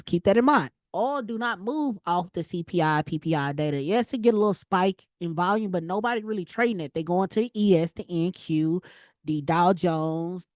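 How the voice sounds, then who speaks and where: Lady walking through trades on screen, kinda low voice, lots of slang and boom boom, dry sound. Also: no echo. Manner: slangy, animated, storytelling with exclamations. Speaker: trading instructor. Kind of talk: casual screen-share trading lesson.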